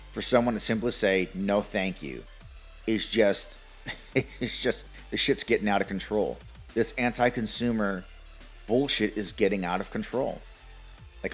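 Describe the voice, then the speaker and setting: A man's voice: lowish voice, a bit bright. A man giving a heated, sarcastic opinion rant about gaming, swearing often. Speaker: gaming commentator.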